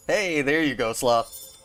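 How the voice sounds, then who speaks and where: A man's voice: fairly high pitch, a bit bright. A young man live-streaming a game, chatting casually with his viewers and laughing often. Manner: chatty, rambling, laughs often, talks to chat by name. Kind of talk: casual live-stream chat while playing.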